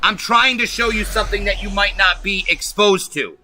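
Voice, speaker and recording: A man's voice: sits high, normal speed, sharp tone, a little hiss or hum. A man hosting a political livestream, ranting angrily and emphatically with lots of profanity. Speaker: livestream host.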